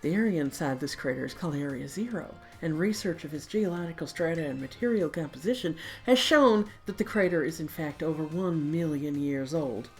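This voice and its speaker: A woman's voice: deep voice, fairly quick, hardly any pauses, darkish tone, soft background music. A woman doing Ryfort, a pompous history teacher. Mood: lecturing. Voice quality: attempted southern drawl, theatrical. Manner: grand, lecturing.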